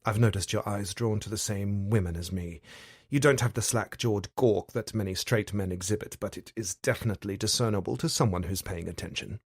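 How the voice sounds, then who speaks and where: A male audiobook narrator voicing a sharp, teasing woman who sees through lies, speaking in a cool, analytical way. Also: lowish voice, fairly quick, husky, no echo, clean studio sound.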